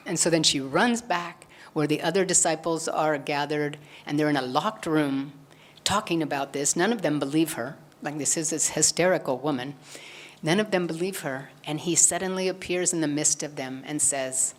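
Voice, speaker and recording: Speaking in a low register at a moderate pace, a woman gives a spiritual satsang talk. She earnestly retells a gospel story, acting out the quoted lines as she goes.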